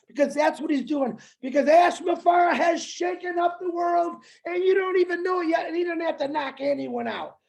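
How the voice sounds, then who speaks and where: A man on a video call, co-hosting an online webinar, excitedly chatting, joking and shouting out greetings to viewers. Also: extremely high pitch, gravelly. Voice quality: jokey, hyped, shouts names.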